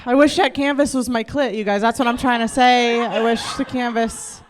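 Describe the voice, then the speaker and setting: A woman's voice: fairly high pitch, steady tone, moderate pace, in a large hall, slight background noise. A woman doing stand-up on a club stage, crude and candid, laughing at herself often. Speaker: stand-up comedian. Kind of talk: stand-up comedy set.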